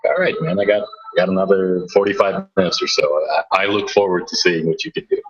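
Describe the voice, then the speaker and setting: A man's voice: sits low, big pitch swings, a little fast, husky, lo-fi sound, faint music behind. A man, a DJ, telling a story in casual chat, rambling and restarting his sentences often. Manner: rambling with many restarts and stammers. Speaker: DJ and podcast host.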